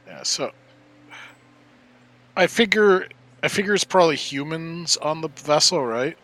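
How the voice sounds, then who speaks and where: A man's voice: a little high, animated, unhurried, fairly bright tone. A man playing a tabletop game, casually laying out his character's plans step by step. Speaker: player. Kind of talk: tabletop role-play chat.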